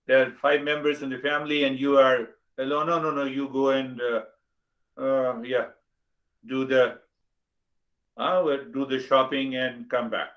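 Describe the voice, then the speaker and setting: A man's voice: medium pitch, a little slow, a bit bright, low-quality recording. A man in his sixties with an Indian English accent, giving a spiritual talk as a teacher, repeating rhetorical questions with emphasis. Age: 60s.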